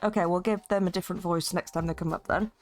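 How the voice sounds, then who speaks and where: A woman's voice: on the low side, steady tone, quick pace, faint music behind. A woman streaming a text game, chatting in rambling asides and reading aloud.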